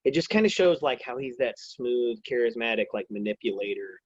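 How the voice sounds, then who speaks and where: A man co-hosts a casual TV episode review and gives his opinions in a halting, reflective way. The recording is dull and dry, with no room sound. His voice sits in a middle pitch. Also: expressive, dry recording. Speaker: co-host.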